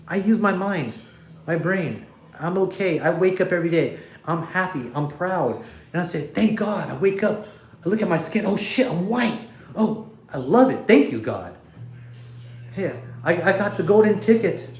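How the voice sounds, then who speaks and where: A man's voice: on the high side, reverberant. A man hosting a casual livestream from his phone, talking bluntly and rambling, with profanity and frequent restarts. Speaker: livestream host.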